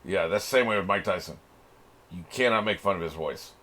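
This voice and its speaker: A man's voice: sits low, brisk, bright, forceful tone. A man hosting a reaction channel, giving casual commentary on an anime episode, laughing often and swearing freely.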